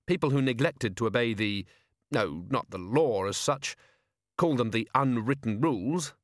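A man's voice: medium pitch, fairly bright tone, no room sound. A man reading a novel aloud in a dry, wry manner. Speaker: narrator. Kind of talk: audiobook narration.

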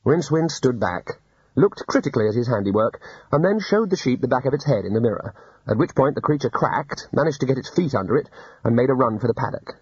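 A man reading an audiobook in a dry, unhurried storytelling manner. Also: mid-range voice, lively intonation, slightly rough, dry recording, lo-fi sound. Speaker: narrator. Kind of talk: audiobook narration.

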